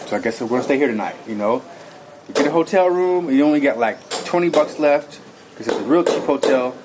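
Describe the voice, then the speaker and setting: A man's voice: mid-range voice, brisk. Man telling a rambling personal story. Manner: animated, rambling, acts out his own lines. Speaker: interview guest. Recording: noisy recording.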